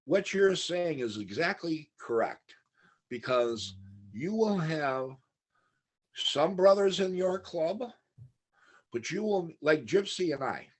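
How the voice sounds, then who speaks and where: A man's voice: a little high, expressive, takes it slowly. A middle-aged man telling stories in a casual podcast chat, rambling, laughing often and acting out what others said. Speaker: podcast guest.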